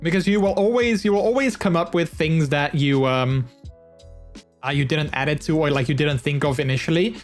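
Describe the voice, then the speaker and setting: A man, chatting casually to his live-stream viewers, laughing often and filling pauses with ums. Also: a little high, soft background music.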